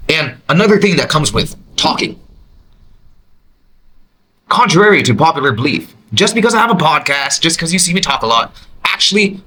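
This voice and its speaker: A man hosting his own podcast, reacting to a clip with emphatic, animated commentary from a quiet, empty room. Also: poor audio. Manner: animated, emphatic, jumps to high exclamations. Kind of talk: reaction commentary, casual monologue.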